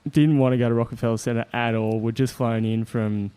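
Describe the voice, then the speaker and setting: An Australian man telling a story in casual chat as a guest, animated and laughing often as he acts out what people said. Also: mid-range voice, brisk, clear, resonant tone.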